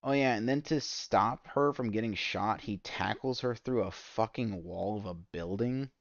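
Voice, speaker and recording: A man streaming a game, ranting in exasperated, profane commentary that spikes loud and high. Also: measured pace, dry recording, lo-fi sound. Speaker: gaming streamer. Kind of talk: ranting commentary while gaming.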